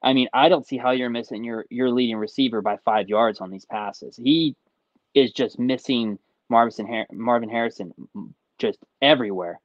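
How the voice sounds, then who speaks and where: Man, mid pitch, casual sports analysis, hesitant, slightly muffled dry recording. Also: moderate pace, no echo. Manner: hesitant, builds points with "I mean" and "I think". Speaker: podcast co-host.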